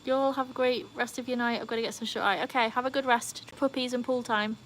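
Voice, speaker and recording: A woman livestreams outdoors by her home pool, chatting with viewers, reading their comments, and squealing with cheers now and then. She speaks fast in a slightly high, steady voice, and there's a little background noise.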